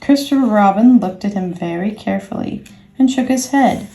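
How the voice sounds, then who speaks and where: A woman reading a children's book aloud with gentle, expressive storytelling. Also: medium pitch, moderate pace, gravelly. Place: indoors, workspace. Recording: echoey room, faint music.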